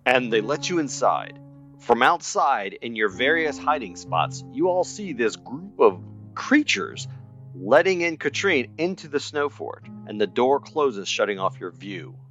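A man narrating as game master of a tabletop role-playing game, describing scenes in lively detail. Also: mid-range voice, measured pace, highs cut off, soft background music.

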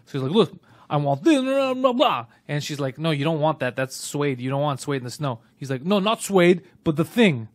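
A man with a high, very lively voice tells a long story in casual podcast chat. He swings up into loud, squeaky impressions of other people and laughs through much of it. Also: normal speed. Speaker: podcast co-host.

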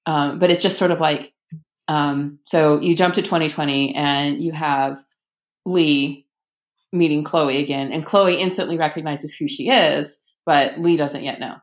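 Chatty, lowish-voiced woman author. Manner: chatty and enthusiastic, many ums and restarts. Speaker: author and podcast guest. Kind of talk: casual conversational interview.

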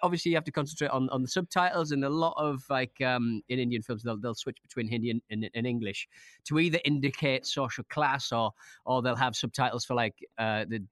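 A man chatting excitedly and quickly about a film on a podcast, tripping over his words. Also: medium pitch, no echo, studio quality. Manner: fast, excitable, with many restarts. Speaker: podcast co-host. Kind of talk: casual film chat.

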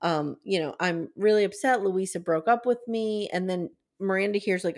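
A woman hosting a podcast, casually recapping a TV episode and acting out the characters' quotes in a lively way. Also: mid-range voice, normal speed, hardly any pauses. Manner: animated retelling, acts out quotes. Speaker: podcast host.

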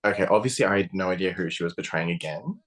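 A man with a very low voice co-hosts a casual podcast chat. He talks bluntly and swears freely, getting animated as he goes. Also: fast. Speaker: podcast co-host.

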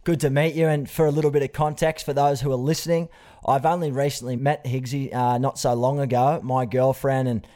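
A man's voice: mid-range voice, level tone, brisk. A young Australian man hosting a podcast, earnest and chatty, calling his guest mate. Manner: warm, earnest, says mate often. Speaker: podcast host. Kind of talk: casual podcast interview.

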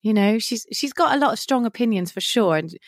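A woman's voice: on the high side, lively intonation, a little fast, no room sound, clean studio sound. A woman chatting as a podcast guest, enthusiastic and gushing. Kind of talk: casual chat.

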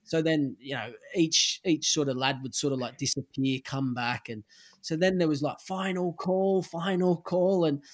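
A man's voice: mid-range voice, normal speed. A middle-aged Australian man, a former footballer, casually telling an anecdote and acting out the lines of the people in it. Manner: animated anecdote-telling, acts out quoted lines. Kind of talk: casual storytelling.

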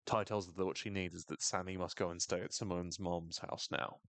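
A man casually recapping a TV episode on a podcast, animated, sweary and wry. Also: sits low, a little fast, no room sound.

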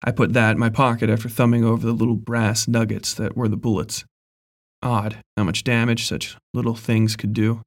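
A man reading a horror story aloud in a measured, even storytelling voice. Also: on the low side. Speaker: narrator. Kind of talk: scripted horror story narration.

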